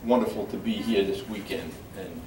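An older man, a priest, reading scripture in a measured, solemn way at a memorial service. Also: low-pitched, mellow. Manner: measured solemn reading, halting when speaking freely. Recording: echoey room from far off, faint background noise.

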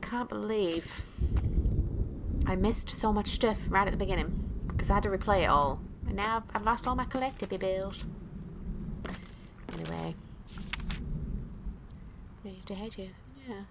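A woman's voice: mid-range voice, moderate pace, creaky, pauses often, noisy background. A woman hosting a let's play, giving casual gameplay commentary with blunt, profane jokes and frequent giggling.

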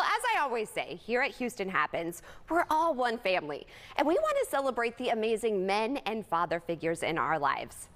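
A woman's voice: on the high side, a bit bright, long reverb tail. A woman hosting a morning TV show, bubbly and sentimental, speaking. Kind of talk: upbeat morning TV presenting.

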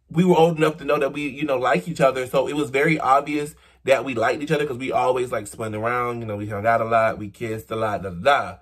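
A young man chatting casually on his vlog, answering viewer questions and telling stories with sudden high squeals and low murmurs. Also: breathy edge.

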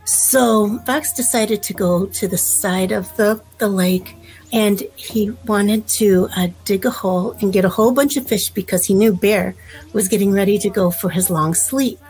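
Gentle woman telling a folk tale. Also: mid-range voice, faint music behind, rough recording. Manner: gentle, unhurried storytelling. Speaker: storyteller.

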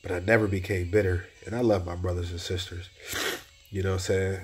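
A man giving a personal testimony of encouragement in a preacher-like way, repeating phrases and rising in pitch when he exhorts. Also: flat delivery, brisk, husky.

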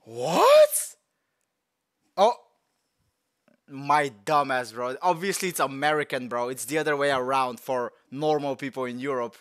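A young man reacts to a movie trailer in loose, slangy, rambling chat, his mid-range voice moving a little fast and smooth with few pauses. He's excitable and keeps bursting into shouts and laughs, in the style of casual reaction commentary.

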